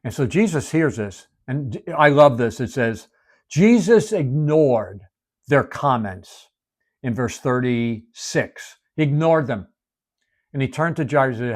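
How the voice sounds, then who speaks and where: Male preacher, sermon storytelling, mid-pitched, swings from emphatic to hushed. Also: lively intonation, unhurried.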